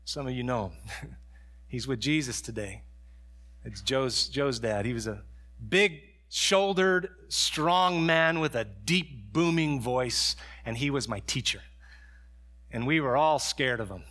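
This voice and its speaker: A middle-aged male pastor preaching a sermon, dropping to soft storytelling and rising to raised, fervent preaching. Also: mid-range voice, expressive, takes it slowly.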